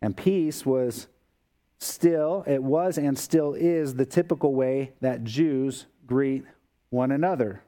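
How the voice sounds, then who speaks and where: A man's voice: mid-range voice, slow, mellow. A man preaching a sermon as a pastor, explaining scripture in a conversational way with everyday asides.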